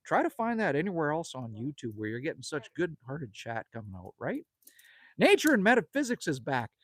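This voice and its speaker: A man's voice: fairly high pitch, wildly swooping pitch, a little fast, a bit bright, slightly rough. A man, hosting a casual outdoor livestream and rambling in a friendly way while reading viewer comments. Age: 50s. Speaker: livestream host. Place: outdoors at a country cabin at sunset.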